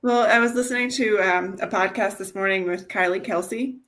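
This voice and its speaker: Woman, podcast co-host, casual chat, animated, laughs a lot, mid-pitched. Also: fairly quick. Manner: chatty, animated, laughs often.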